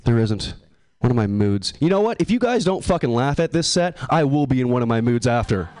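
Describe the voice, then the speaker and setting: A man's voice: medium pitch, very animated, brisk, a little mellow. A man in his twenties doing a stand-up set at an open mic. He swears a lot, mocks himself and rambles off into asides. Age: 20s. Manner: profane, self-deprecating, rambling asides. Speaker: stand-up comedian. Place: open mic comedy show.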